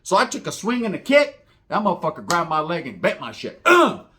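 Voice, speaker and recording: Dude from norcal telling a wild story, cussing, super lively voice going up and down. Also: male voice, sits high, fairly quick. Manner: animated, profane, slangy, acts out voices in the story. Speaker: comedic storyteller. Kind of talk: comedic street storytelling monologue.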